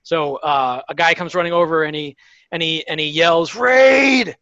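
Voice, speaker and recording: A man narrating a tabletop game as game master, in a halting way with many fillers. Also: on the high side, flat delivery, pushed and bright, no echo, lo-fi sound.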